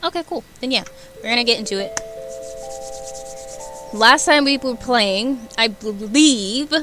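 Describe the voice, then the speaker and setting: A young woman streamer chatting casually with her viewers, animated and giggly, rambling between topics. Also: a little high, measured pace, music in the background.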